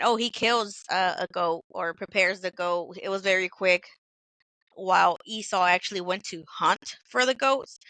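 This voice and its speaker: A young woman casually retelling Bible stories on a podcast, chatty, acting out dialogue with quick asides. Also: medium pitch, bright, forceful tone, dry recording. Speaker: podcast co-host.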